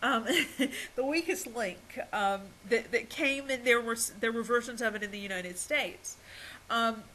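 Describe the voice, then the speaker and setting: A woman's voice: fairly high pitch, measured pace, bright, forceful tone, a little hiss or hum, rough recording. A woman giving a recorded college lecture, hesitant, with many ums and restarts and small laughs at herself.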